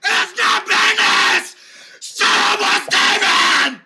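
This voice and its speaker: A man doing a shrill whiny young man near tears. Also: extremely slow, creaky, some chatter behind, full character voice. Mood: indignant, shrieking. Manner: shrill, shouting, close to tears. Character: whiny young man insisting on his nickname.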